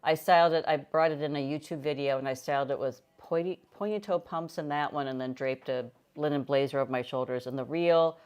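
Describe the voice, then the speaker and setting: A woman's voice: sits low, fairly quick, few pauses, a little mellow, smooth. An older woman from the United States hosting a casual live-stream chat, talking in a meandering, chatty way with frequent restarts. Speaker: host.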